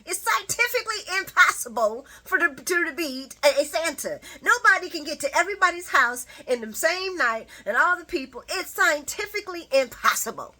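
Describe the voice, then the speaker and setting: A woman's voice: extremely high pitch, animated, normal speed, few pauses, bright, forceful tone, voice pushed up, heavily acted. A woman voicing a blunt, skeptical young boy who talks like a know-it-all. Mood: scoffing.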